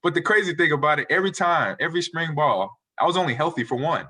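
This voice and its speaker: A man in his forties, a retired football player, telling animated, rambling stories as a guest in a casual interview. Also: fairly high pitch, fast talker. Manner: animated, rambling storyteller who acts out quotes.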